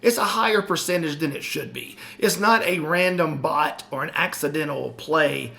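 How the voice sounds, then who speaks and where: A middle-aged man with a gravelly, fry-edged voice, co-hosting a podcast. His delivery is dry, and he likes to tease. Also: fairly high pitch, normal speed, pushed and bright. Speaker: podcast co-host. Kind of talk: casual chat.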